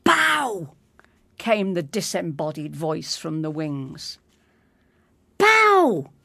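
A woman's voice: deep voice, unhurried, no echo. A woman voicing an exasperated schoolteacher who calls out sharply and insistently from offstage in a dramatized story reading. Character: exasperated female schoolteacher calling from the wings.

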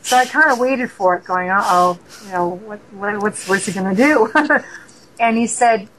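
A woman from Canada, a paranormal investigator, telling stories as a radio guest in an animated way and acting out dialogue. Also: mid-range voice, normal speed, a little hiss or hum, low-quality recording. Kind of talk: casual storytelling interview.

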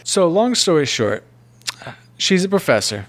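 A man's voice: a little high, sing-song, unhurried, a bit bright, no echo. A man casually recapping a movie plot on a podcast, rambling and joking. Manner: rambling, jokey, puts on silly voices. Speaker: podcast co-host. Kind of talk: casual movie review chat.

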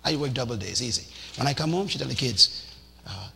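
A man preaching a sermon in a lively, animated way, acting out little scenes and shouting for emphasis. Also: medium pitch, brisk, vocal fry. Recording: reverberant hall with faint noise.

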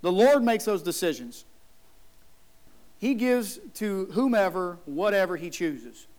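A man's voice: high voice, lively intonation, measured pace, a little mellow. A man preaching a sermon as a pastor in a church, emphatic, acting out the people in his story. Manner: emphatic, acts out the whining brother.

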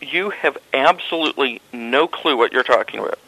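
A man calling a hotel desk with a complaint, measured, deliberate and insistent. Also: medium pitch, expressive, sharp tone, rough recording. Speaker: hotel guest caller. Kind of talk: phone complaint.

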